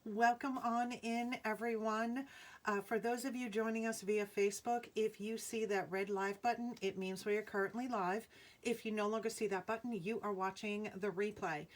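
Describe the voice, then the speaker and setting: A woman's voice: medium pitch, steady tone, normal speed. A woman with a Rhode Island accent hosting a live jewelry sale from home, chatty, greeting viewers by name and laughing often. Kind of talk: casual live-stream selling chat.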